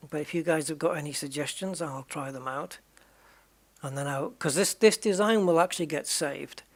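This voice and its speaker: Guy chatting on his stream, bit gravelly and husky, thinks out loud to chat. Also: a little high, normal speed. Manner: musing aloud, chatty, jokey asides to viewers. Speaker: game streamer. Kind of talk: casual live-stream chat.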